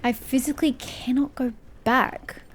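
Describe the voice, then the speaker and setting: A woman's voice: sits high, fairly even intonation, unhurried, slight background noise. A young woman giving casual let's-play commentary, frustrated and swearing as she mutters to herself. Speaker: gaming streamer.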